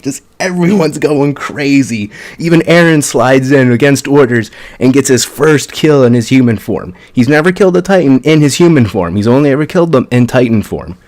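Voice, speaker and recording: A man casually recapping an anime episode in an excited, chatty way, with plenty of swearing. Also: on the high side. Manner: excited, profane, chatty storytelling. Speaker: anime reviewer.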